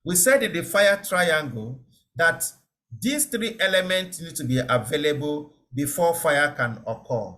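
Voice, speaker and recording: A man's voice: on the high side, fairly bright tone. A man giving an online safety lecture, explaining step by step, repeating key words and checking that listeners understand. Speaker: safety trainer.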